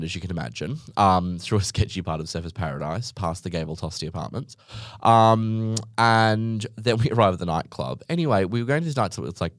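Deep-voiced and recorded in a clean studio with no room sound, a young man hosts a podcast. He delivers a casual storytelling monologue that's sarcastic and meandering, peppered with "like" and asides.

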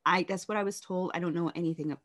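Candid woman with a lowish voice. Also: fairly even intonation, a bit bright. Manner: candid, reflective, halting with restarts and nervous laughs. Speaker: guest telling her life story. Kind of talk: personal storytelling in an interview.

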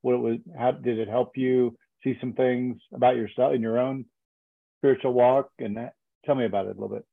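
A man hosting a podcast interview, talking in a halting way with frequent restarts. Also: mid-range voice, fairly even intonation, vocal fry, no echo, narrow, tinny audio. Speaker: podcast host. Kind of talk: casual interview.

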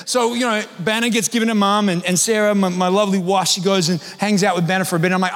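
Pastor with a high voice in a big hall. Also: male voice, steady tone, fast, few pauses, a bit bright. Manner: conversational, self-deprecating storytelling. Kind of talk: sermon. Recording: long hall reverb.

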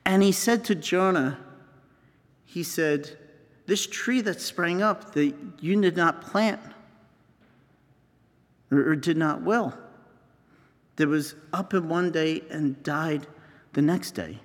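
A male priest giving a homily, telling a scripture story slowly and acting out its scenes. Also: a little high, long reverb tail.

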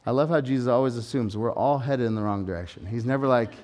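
A man preaching a sermon at a church service, swinging from loud, urgent proclaiming to low conversational asides and jokes. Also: fast talker. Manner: informal, joking tangents with everyday examples. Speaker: pastor.

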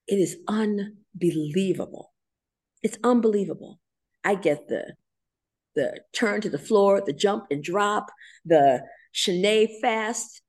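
A middle-aged woman in a podcast interview, telling stories with animated emotion and frequent laughter. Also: deep voice. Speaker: guest choreographer and dancer.

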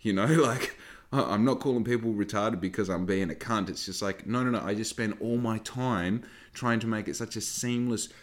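On his podcast, a young host who also owns a small business speaks in a deep, low-pitched voice at normal speed. His casual monologue meanders frankly, full of swearing and asides before he circles back to his point.

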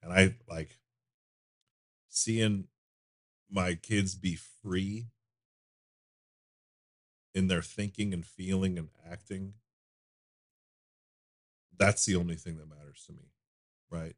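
A man with a very low voice talks openly in a podcast chat. He swears without a second thought and drops into soft, murmured asides. The sound is close and dry, with no room around it. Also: fairly even intonation, slow, long pauses, dry recording. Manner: candid, swearing freely, trailing into quiet asides. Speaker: podcast guest. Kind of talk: casual conversation.

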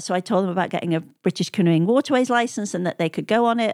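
A woman's voice: medium pitch, fast talker, a little mellow, no room sound, clean studio sound. A woman telling stories as an interview guest, chatting freely, laughing often and quoting the people she met. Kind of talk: conversational storytelling.

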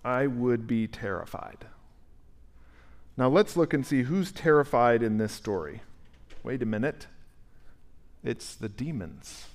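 A male pastor preaching a conversational, animated sermon and asking the congregation questions in a church sanctuary. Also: medium pitch, slow, long pauses.

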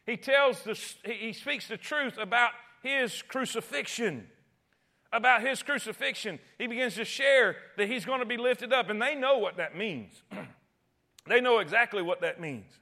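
A man preaching a sermon, emphatic and repetitive, swinging between loud cries and hushed tones. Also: very high-pitched, moderate pace. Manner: repeats phrases and restarts often.

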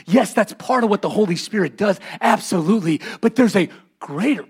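High-voiced preacher man, shouting and lively. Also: brisk, slightly rough. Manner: preaching, often rising to shouts, calls for congregation responses. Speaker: pastor. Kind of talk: sermon.

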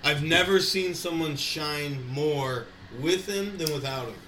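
Casual male co-host, bright tone, rambling sports and dog talk energy, echoey room recording. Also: a little high, measured pace. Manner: rambling, profane, animated. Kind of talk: casual chat. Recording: echoey room, faint background noise.

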